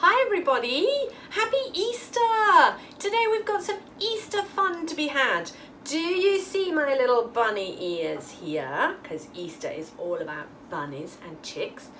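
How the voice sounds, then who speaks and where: A woman's voice: sits high, lively intonation, measured pace, a bit bright, slight background noise. A woman leading a toddler class, greeting the children and singing in a bubbly, playful, sing-song way.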